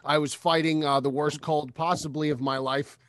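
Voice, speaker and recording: Male podcast co-host, earnest and dramatic, slightly high voice, dry sound. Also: flat delivery, normal speed, fairly bright tone, no echo. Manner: earnest, dramatic about himself. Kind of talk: casual podcast banter.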